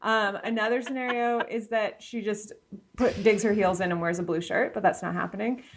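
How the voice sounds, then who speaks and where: A woman's voice: medium pitch, fairly even intonation, normal speed, slight background noise. Playful woman guest, joking along. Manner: playful, jokey, laughs at her own guesses. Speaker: podcast guest. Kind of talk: casual chat.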